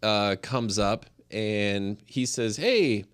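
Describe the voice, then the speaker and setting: A man's voice: fairly low pitch, moderate pace. A man from Colorado, a podcast co-host, telling a story in casual chat and laughing often.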